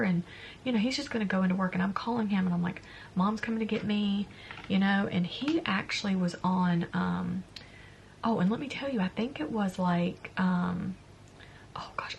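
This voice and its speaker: A young woman telling a personal story in a storytime vlog, talking in a soft, confiding way that often drops to a hushed near-whisper. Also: on the low side, vocal fry, a little hiss or hum. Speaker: beauty vlogger.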